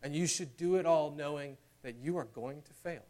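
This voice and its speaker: A man preaching a sermon in a church, earnest, building louder and higher toward emotional peaks. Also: normal speed. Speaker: pastor.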